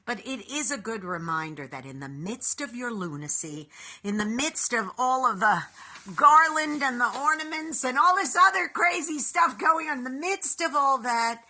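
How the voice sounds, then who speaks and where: A woman hosting a short inspirational video, talking in an upbeat, animated way and calling her viewers boys and girls. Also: high voice, moderate pace. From New York.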